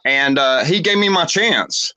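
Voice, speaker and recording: A man in his forties with a Tennessee twang tells his story in an unhurried, rambling way. His voice is bright and a little high, and he often pauses on filler sounds. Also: expressive. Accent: Tennessee Southern US. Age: 40s. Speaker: wrestling guest. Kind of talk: casual interview storytelling.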